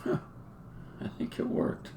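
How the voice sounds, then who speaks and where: A man's voice: unhurried, noisy background. A man who develops games, thinking aloud to himself while he live-codes and often trailing off mid-thought. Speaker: game developer streaming live coding.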